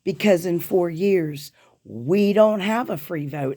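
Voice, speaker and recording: A woman's voice: on the low side, takes it slowly, warm tone. A woman hosting her own podcast, delivering an impassioned, profane political rant with urgent emphasis. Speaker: podcast host.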